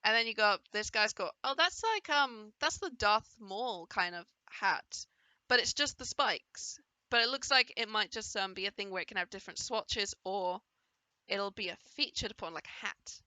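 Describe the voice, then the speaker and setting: Woman, casual game commentary, enthusiastic and playful, very bright tone, dry close sound. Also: mid-range voice, normal speed, no room sound. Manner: chatty, enthusiastic, playfully voicing the characters. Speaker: gaming video creator reacting to a trailer.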